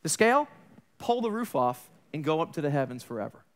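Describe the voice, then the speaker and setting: A man preaching an Easter sermon, telling stories and acting out the voices in them, swinging from loud to soft. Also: fairly high pitch, sing-song, a little fast. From New York area. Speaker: pastor.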